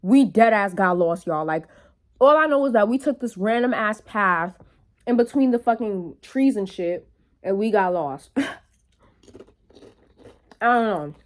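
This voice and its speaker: A young woman with a mid-range voice vlogs in a casual, animated storytelling style, swearing plenty and tossing quick asides to her viewers.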